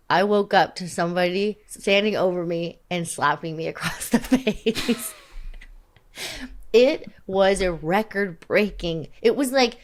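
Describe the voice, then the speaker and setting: A young woman co-hosting a podcast, chatting casually in a rambling, self-deprecating way and laughing often. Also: medium pitch. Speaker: podcast co-host. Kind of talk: casual chat.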